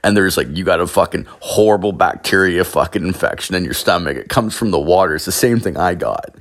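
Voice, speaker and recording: A man's voice: low-pitched, a little fast. A man hosting a podcast, telling stories in a rambling, profane way full of fillers. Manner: profane, filler-heavy, with frequent "like". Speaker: podcast host. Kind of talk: rambling casual storytelling.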